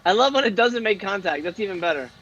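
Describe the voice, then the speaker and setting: Brief: bright, animated man streamer, high voice, swearing in disbelief at a movie. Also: fast, highs cut off. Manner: incredulous, profane, laughing often. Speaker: streamer hosting a movie watch party. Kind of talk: live stream reaction commentary.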